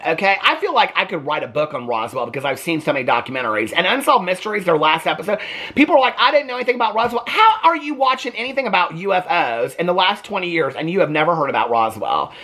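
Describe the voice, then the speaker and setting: Man ranting about tv, sassy and emphatic, lively swooping pitch, bright voice. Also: quick pace. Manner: sassy, emphatic, keeps saying "okay?". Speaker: TV reaction vlogger. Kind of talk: casual ranting commentary.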